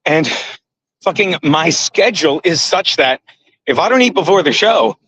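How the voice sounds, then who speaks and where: A man's voice: a little high, expressive, moderate pace, a bit bright, husky, no room sound. A middle-aged man chatting casually on a livestream to his viewers, rambling and swearing often and laughing at his own jokes. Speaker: comedian livestream host. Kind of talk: casual chat to a live chat while jump roping. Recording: dry, dull lo-fi sound.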